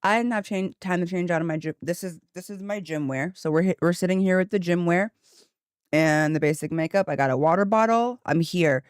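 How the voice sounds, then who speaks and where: A woman streamer chatting casually from her home office into a studio mic, a little tired and mellow, often breaking into laughter. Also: fairly low pitch, fairly quick, no echo. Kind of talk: casual chat on a gaming stream. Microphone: new studio microphone.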